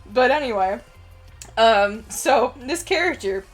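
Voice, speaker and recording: A woman's voice: a little high, lively intonation, takes it slowly, faint music behind. A young woman hosting a stream, chatting casually in a giggly, rambling way and swearing freely. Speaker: streamer host. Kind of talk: casual chat.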